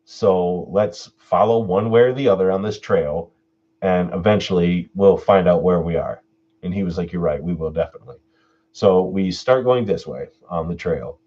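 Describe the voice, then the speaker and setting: A man hosting his own live stream Q&A, telling a personal story in a laid-back way, swearing freely and getting animated when he retells what people said. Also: sits low, moderate pace, highs cut off. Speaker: channel host doing a live stream Q&A.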